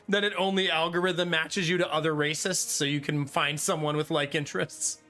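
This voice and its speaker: A man's voice: fairly high pitch, measured pace, pushed and bright. A man in his thirties chatting casually with his live-stream chat while playing a card game, laughing often. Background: faint game music.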